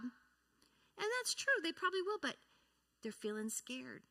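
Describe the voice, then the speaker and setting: Woman church speaker, bright tone, interactive teaching style that quizzes the audience. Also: sits high, sing-song, unhurried, vocal fry, pauses often. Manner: asks the audience questions and acts out example replies. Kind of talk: teaching talk to a congregation.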